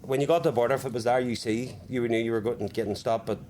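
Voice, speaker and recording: A middle-aged man trades memories in an easygoing podcast chat, backing the others up and swearing freely. His voice sits at an ordinary pitch over a faint hiss. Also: steady tone, rapid-fire, a little mellow. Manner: frequent agreeing backchannel, blunt swearing. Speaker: podcast co-host.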